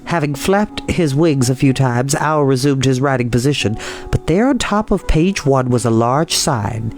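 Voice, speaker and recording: A man reading a children's book aloud, in a lively way with chatty asides. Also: medium pitch, moderate pace, soft background music. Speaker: storyteller.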